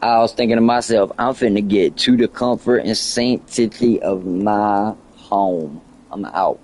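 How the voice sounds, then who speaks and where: A man on a live game stream, casually telling a story in a profane, excitable way. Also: on the low side, measured pace. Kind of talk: casual storytelling while gaming.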